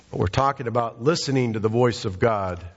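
A man's voice: medium pitch, slightly rough. A male pastor preaching a sermon in a conversational, storytelling way. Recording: dull, echoey hall recording.

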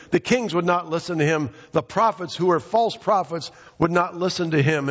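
A pastor preaching a sermon, emphatic and repetitive, calling out members of the congregation by name. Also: male voice, fairly high pitch, big-room sound, lo-fi sound. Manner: emphatic, repeats phrases, addresses congregation by name.

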